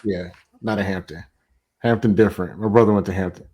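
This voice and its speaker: A man's voice: low voice, steady tone, a little fast, darkish tone, slightly rough. A man making matter-of-fact comments in casual chat.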